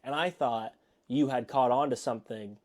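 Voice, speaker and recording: A man co-hosting a podcast, telling an excited, rambling story in casual chat from a home studio. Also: medium pitch, moderate pace. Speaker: podcast co-host.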